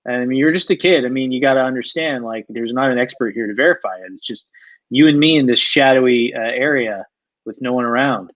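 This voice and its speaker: A man's voice: mid-range voice, a little fast, fairly bright tone, no room sound. A man improvising a scene, talking in restarts and repeats. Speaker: improv performer. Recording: dull lo-fi dry sound.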